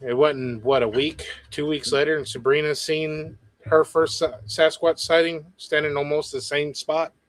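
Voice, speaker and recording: A man's voice: on the high side, normal speed, rough recording. A man telling a story in a casual chat, animatedly acting out what others said. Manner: animated, quoting others in lively bursts. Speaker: guest.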